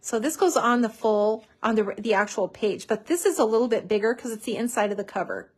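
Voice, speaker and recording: A chatty woman hosts a live craft tutorial with a bubbly, easygoing manner. Her voice sits a little high, and she leans on fillers as she talks. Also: brisk, a little mellow, slightly rough.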